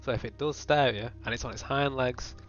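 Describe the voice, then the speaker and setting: A man's voice: mid-range voice, a little fast, fairly bright tone. A young man doing a profane, rambling, mock-serious comedic rant as a voice-over. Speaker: comedy video host. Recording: dull lo-fi voice-over with faint music.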